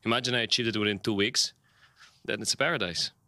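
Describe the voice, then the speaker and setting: Rambling, frank man with bright voice. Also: on the low side. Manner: rambling, halting, full of "you know" and restarts; frank and playful. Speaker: tennis player interviewee. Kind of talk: casual post-match interview. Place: interview set, indoors.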